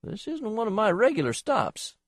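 A stubborn, petulant caravan owner, put on by a man reading an audiobook. The voice sits well above the reader's own and swings about, with a husky edge. It is dry and close, with no room around it. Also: high voice, huge pitch swings, normal speed, dry recording, voice pushed up, heavily acted. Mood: impatient. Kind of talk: audiobook character voice.

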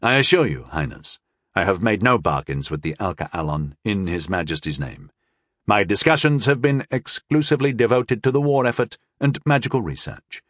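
A man voicing a wary male court wizard in an audiobook, speaking in a measured, restrained and deferential way. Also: lowish voice, expressive, fairly bright tone, no room sound, clean studio sound. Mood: guarded. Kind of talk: audiobook character voice.

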